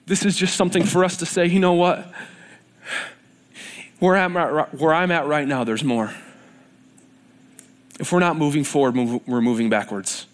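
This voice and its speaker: A male preacher delivers a sermon in a church. His voice sits a little high for a man, and he talks earnestly, repeating phrases as he builds up intensity. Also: moderate pace, pauses often.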